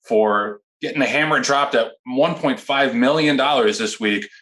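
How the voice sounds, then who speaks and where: A man's voice: mid-range voice, moderate pace, a bit bright. A man hosting a podcast, talking casually and with opinions, often restarting his sentences. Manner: rambling, many restarts, opinionated. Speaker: podcast host. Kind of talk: casual panel discussion.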